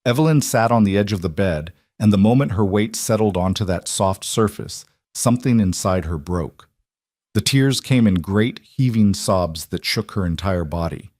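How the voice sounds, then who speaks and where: A man giving scripted narration of a frontier story in a slow, solemn, measured way. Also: on the low side, expressive, a little mellow, no echo, clean studio sound.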